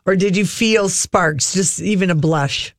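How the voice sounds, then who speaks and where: A man hosting a radio show, asking a guest playful, quick questions. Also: high-pitched, no echo, clean studio sound. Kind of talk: casual radio chat.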